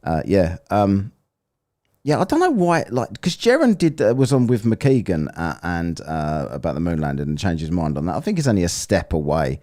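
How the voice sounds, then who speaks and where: A man's voice: low voice, very animated, moderate pace, a little mellow. An English man commenting casually on a live stream, chatty and rambling, joking and laughing as he reads the chat. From England. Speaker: streamer reviewing a debate and reading chat.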